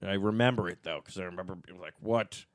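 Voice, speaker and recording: A man's voice: low voice, rapid-fire, a crowd in the background. A man who is a podcast guest, rambling and hesitant in casual chat, with loose swearing.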